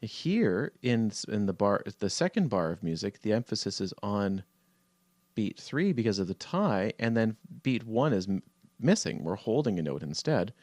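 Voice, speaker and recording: A man teaching a music theory lesson over a shared screen, relaxed and halting with many fillers, counting beats aloud. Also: lowish voice, no echo, clean studio sound.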